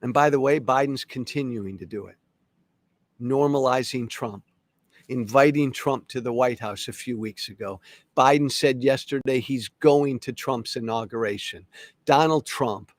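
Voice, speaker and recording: A man's voice: medium pitch, a little slow, no echo. A middle-aged man hosting his own podcast, delivering an angry, emphatic solo rant. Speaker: podcast host. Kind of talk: solo opinion monologue.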